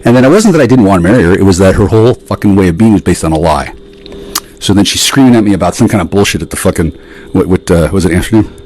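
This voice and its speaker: Ranting, sarcastic low-voiced man. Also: expressive, very fast, darkish tone, a little hiss or hum, rough recording. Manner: profane, sarcastic, ranting with sudden jumps in pitch. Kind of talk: rambling monologue to camera.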